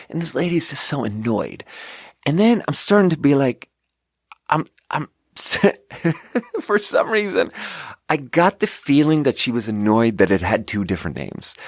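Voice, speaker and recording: In a dry, studio-quality recording, a man with a mid-range voice hosts a podcast and retells a story in an animated, rambling way. He leans heavily on fillers and keeps restarting his sentences.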